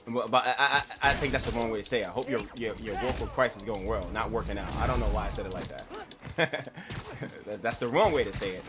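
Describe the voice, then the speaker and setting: A man's voice: lowish voice, quick pace. Rambling New streamer guy. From New York. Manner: rambling, profane, laughs at himself. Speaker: game streamer. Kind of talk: casual live-stream chatter. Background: game music.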